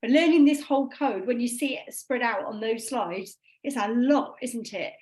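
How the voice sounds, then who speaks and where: Woman from England, fairly high voice, patient trainer explaining over a video call. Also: normal speed, a little mellow, rough recording. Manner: explanatory, reassuring, conversational. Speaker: phonics trainer. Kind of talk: online training session talk.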